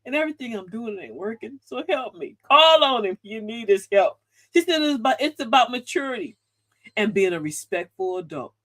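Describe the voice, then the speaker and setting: A woman's voice: on the high side, expressive, a little fast, a bit bright, no room sound. A woman hosting a live advice show, sassy and preachy, who laughs often and calls her listeners sis and queen. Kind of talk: livestream advice talk.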